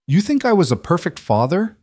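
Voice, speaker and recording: A man voicing a wise elderly male tribal chief, calm and solemn, with slow, measured, grave speech. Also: sits high, slightly rough, no echo, pitched above the performer's own voice, full character voice. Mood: earnest.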